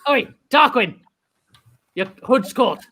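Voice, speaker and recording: A man's voice: very high-pitched, animated, takes it slowly, pushed and bright, slight background noise, heavily acted. A man voicing a sly, sinister old hermit who lures people in and summons storms, in an improvised comedy scene. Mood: mocking. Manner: wheedling, sly.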